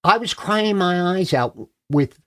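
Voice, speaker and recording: A man's voice: high-pitched, lively intonation, a little slow, pushed and bright. A man from Philadelphia, a guest on a studio podcast, speaking in an earnest, emphatic and heartfelt way. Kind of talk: casual interview chat.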